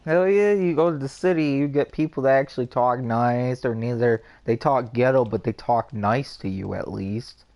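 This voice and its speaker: A man's voice: medium pitch, normal speed, hardly any pauses. A young man chatting casually over a game headset, gossiping with heavy swearing and mimicking people. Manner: profane, animated gossip with quoted voices. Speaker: gamer chatting on a live stream. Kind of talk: casual chat.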